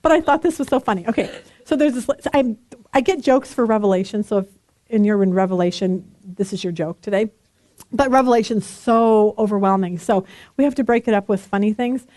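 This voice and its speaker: A woman in her forties teaching a casual Bible study, telling stories in a chatty, animated way. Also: medium pitch, brisk, dry recording. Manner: chatty, animated storytelling with frequent laughter.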